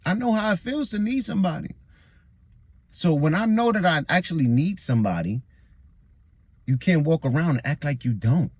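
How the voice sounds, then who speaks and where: A man's voice: fairly high pitch, animated, normal speed, pauses often, darkish tone, slightly rough, no echo. Frustrated young man venting outdoors. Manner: frustrated, rambling, repeats himself. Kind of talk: venting vlog monologue. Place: outdoors in a busy public area.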